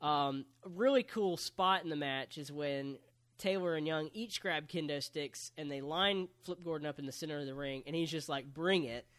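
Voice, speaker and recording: Man, fairly high voice, casual podcast co-host, joking recap. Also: normal speed, a bit bright. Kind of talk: casual chat.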